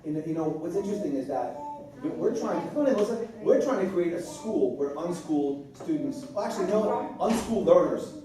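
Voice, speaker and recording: A man's voice: sits high, expressive, a little fast. Male school leader, casual and joking, rambling with restarts; distant, echoey room with group chatter. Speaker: school leader running a staff meeting. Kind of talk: casual meeting talk. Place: large indoor room with a group.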